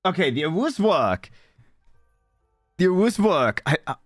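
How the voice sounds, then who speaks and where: A young man streaming live, chatting with viewers while fighting broken software, scattered and exasperated, cursing and leaping from mumbles to high squeaky outbursts. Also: big pitch swings, slow pace, pauses often, dry recording, clean studio sound, soft background music. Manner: scattered and exasperated, swearing at tech trouble. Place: home streaming setup.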